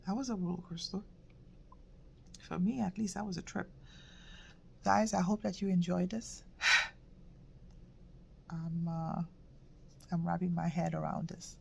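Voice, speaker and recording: Gravelly low-voiced woman reading tarot. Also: steady tone, a little hiss or hum. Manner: halting, drifting, slips into soft whispers; repeats words, gentle reflective delivery. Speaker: tarot reader. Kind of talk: casual tarot reading to camera.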